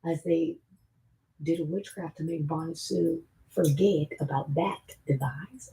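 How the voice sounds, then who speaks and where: A woman livestreamer delivering a rambling, profane monologue, lurching between hushed whispers and sudden shouts. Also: deep voice, a little slow, gravelly, poor audio. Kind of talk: rambling live-stream monologue.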